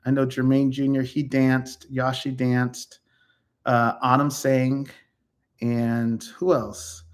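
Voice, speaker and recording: Man, 50s, mid-pitched, casual rambling storyteller with lots of ums and restarts. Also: level tone, slow pace. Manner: rambling, self-correcting, many ums. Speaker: YouTuber reflecting on his life.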